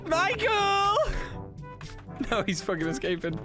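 Excitable laughing gamer, high and swooping. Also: male voice, takes it slowly. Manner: excitable, laughing, taunting and shouting. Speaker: gaming streamer. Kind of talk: casual gameplay banter. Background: game music.

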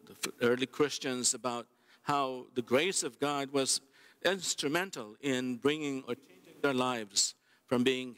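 A priest reads scripture and preaches at a church Mass, taking his time over every phrase. His voice sits at an ordinary middle pitch for a man. He speaks slowly and deliberately, and pauses to restart a thought now and then. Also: a bit bright. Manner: measured, unhurried, with plain restarts in the homily. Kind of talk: Mass readings and homily.

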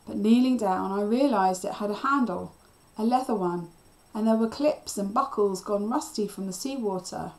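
A woman teacher reading a children's novel aloud with steady storytelling. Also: mid-range voice, moderate pace, hardly any pauses.

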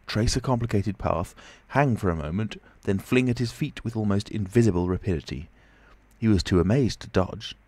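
A man narrating an audiobook of a classic novel in a measured, even reading. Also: sits low, dry recording. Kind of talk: scripted narration.

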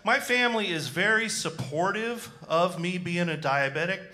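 A man doing a stand-up comedy set on a club stage, self-deprecating and animated, talking into a handheld mic with frequent fillers. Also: high-pitched, moderate pace.

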